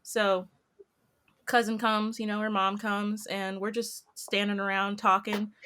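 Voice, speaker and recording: Bright-voiced young woman telling stories. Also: measured pace, clear, resonant tone. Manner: animated storyteller, acts out quotes in a high voice. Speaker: podcast co-host. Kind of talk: casual storytelling chat.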